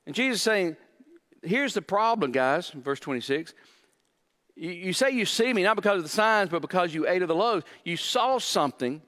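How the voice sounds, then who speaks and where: A pastor preaching to his congregation, his voice pitched slightly high. He swings his delivery up and down for emphasis and drops into the voices of the people he quotes. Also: a bit bright. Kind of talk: sermon.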